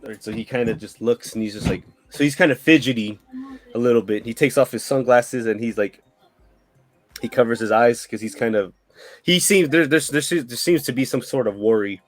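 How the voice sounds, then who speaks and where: Male DM, rambling narration, mid pitch, dry close sound. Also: fairly quick, no echo, faint music behind. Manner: rambling with many restarts. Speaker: dungeon master. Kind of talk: narrating a tabletop game.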